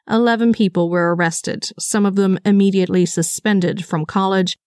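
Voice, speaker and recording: A woman hosts a true-crime podcast and reads a scripted story, dropping in brisk, conversational asides. Her voice has a middle pitch. The sound is close and dry, with no room echo. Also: darkish tone. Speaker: podcast host.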